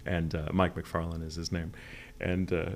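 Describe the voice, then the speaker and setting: A man's voice: deep voice, little pitch movement, moderate pace. A man from the United States, a voice actor guest, chatting candidly in a rambling interview and swearing freely. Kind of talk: casual interview chat.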